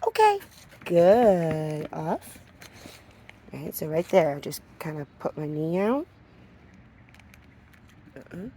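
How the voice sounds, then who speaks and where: A woman with a low, deep-set, mellow voice runs a hands-on dog training demonstration, animated yet taking it slowly with long pauses. She explains steadily, breaking in with short, firm commands to the dog, over a little hiss or hum.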